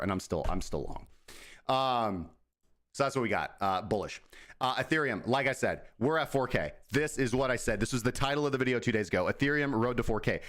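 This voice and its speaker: A man's voice: fairly low pitch, a bit bright. A man hosting a crypto trading show, talking casually in a rambling, profane, self-mocking way. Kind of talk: casual market commentary.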